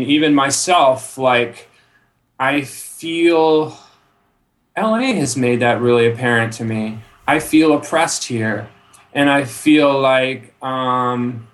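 A man talking in a relaxed, rambling way as a podcast guest. He swears freely and keeps dropping in "you know". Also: medium pitch. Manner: laid-back, swears freely, rambling asides; trails off with frequent "you know". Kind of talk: casual chat.

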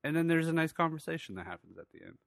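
A man's voice: on the high side, very animated, racing, creaky, fairly bright tone, no room sound. A man hosting his podcast in casual chat, rambling and loose, swearing freely. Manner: rambling, loose and profane, with many fillers. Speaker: podcast host.

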